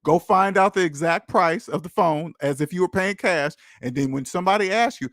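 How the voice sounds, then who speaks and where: A man's voice: high voice, brisk, a bit bright, dry recording, studio quality. A man hosting a call-in money advice show, talking bluntly and preaching straight at his listeners in casual speech. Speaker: podcast host giving money advice.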